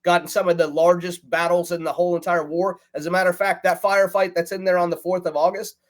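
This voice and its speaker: A male veteran and author, appearing as a guest in a casual chat, tells his unit's war story in an earnest, matter-of-fact way. His voice sits high with little pitch movement, he speaks fast, and the recording is low quality.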